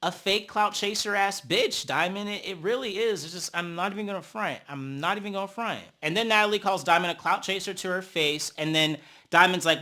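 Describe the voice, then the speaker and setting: Male reality-show recapper, sassy and excitable, slightly high and bright voice. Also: moderate pace. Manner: sassy, excitable, peppered with "honey" and "child"; breaks into gasps and cheers at fights. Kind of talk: casual episode recap commentary.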